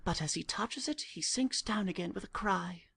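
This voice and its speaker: A woman narrator calmly reading the stage directions of a play, in a measured voice. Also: on the low side, gravelly, breathy edge.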